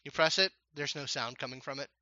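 A man narrating a tabletop game as game master, rambling and halting with many fillers. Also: mid-range voice, pushed and bright, dry recording, dull audio.

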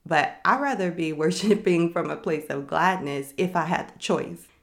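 A woman's voice: on the low side, moderate pace, creaky. A young adult woman hosting a faith-based podcast, speaking candidly and reflectively about her own experience. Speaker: podcast host. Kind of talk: faith-based personal talk.

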